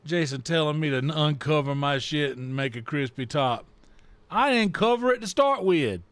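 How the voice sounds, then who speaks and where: A man's voice: on the high side, animated, normal speed, fairly bright tone, smooth, no echo. A man hosting a gaming livestream, greeting and teasing his chat in a playful way and drawing words out in a singsong. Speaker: livestream host. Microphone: desk microphone.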